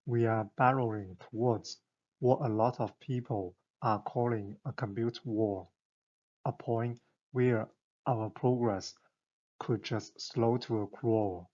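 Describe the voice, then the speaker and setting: A man's voice: medium pitch, steady tone, takes it slowly, a little mellow, muffled recording. A man giving an enthusiastic, conversational scripted explainer narration, full of rhetorical questions.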